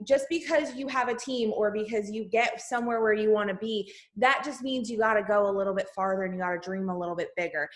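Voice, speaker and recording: A woman hosting a motivational team call from home on a laptop, talking emphatically and calling her listeners "y'all". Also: fairly high pitch. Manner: energetic, emphatic, Southern-style "y'all" address. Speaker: host of a team video call. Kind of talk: motivational pep talk. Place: home, indoors. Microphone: laptop video call.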